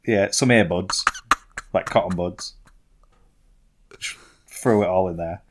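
Low-voiced young man. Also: takes it slowly, slight background noise. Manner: rambling, self-mocking, with frequent restarts. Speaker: podcast co-host. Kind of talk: casual storytelling chat.

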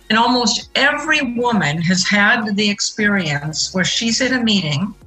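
Speaking as a guest in an interview, a middle-aged woman with a bright, forceful, medium-pitched voice earnestly explains her points and hits the key words hard. The recording is rough, with faint music playing quietly beneath her.

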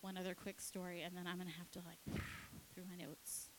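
A woman pastor preaching, telling a story with lively acted-out dialogue. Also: lowish voice, noisy background. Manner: animated, acts out her kids and herself in quick dialogue. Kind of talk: sermon storytelling.

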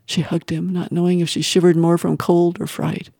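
A woman reading a novel aloud in measured, expressive audiobook narration, sometimes dropping to a whisper. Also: fairly low pitch, creaky, slightly rough, no room sound, studio quality. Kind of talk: scripted narration.

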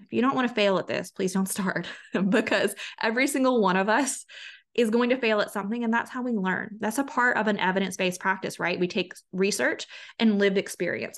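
A woman hosts a solo podcast, speaking as a health coach straight to her listeners. She talks in an earnest, chatty way and often restarts her sentences mid-thought. Her voice sits at an ordinary middle pitch. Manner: earnest, conversational, with frequent restarts and quoted inner voices.

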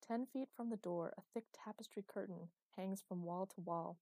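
A woman voices a cheerful young female writer who runs a fantasy game with sadistic glee, narrating in a cheerful, teasing manner. Her voice is medium-pitched and dark in tone at a moderate pace, close to an everyday voice, with no room sound.

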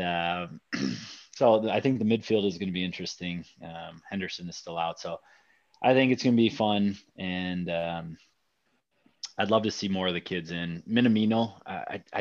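Deep-voiced man hosting a football podcast. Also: no room sound, muffled recording. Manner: hesitant, many fillers. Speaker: podcast host. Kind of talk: casual football podcast chat.

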